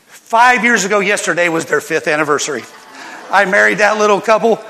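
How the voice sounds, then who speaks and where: A man's voice: high-pitched, fairly quick, vocal fry. Older male pastor preaching in a reverberant hall. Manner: animated storytelling with laughs and scripture reading. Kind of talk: sermon.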